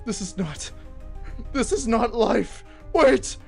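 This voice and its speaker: A man's voice: extremely high pitch, animated, takes it slowly, vocal fry, soft background music, pitched above the performer's own voice, heavily acted. A man ranting as a doomed mad cult leader. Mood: terrified. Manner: frantic, shouting.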